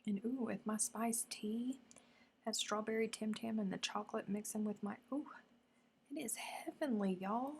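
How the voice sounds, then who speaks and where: A woman hosting a casual live craft stream, chatting effusively and dropping now and then into soft murmurs. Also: on the high side, normal speed, vocal fry, slight background noise. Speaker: crochet livestream host.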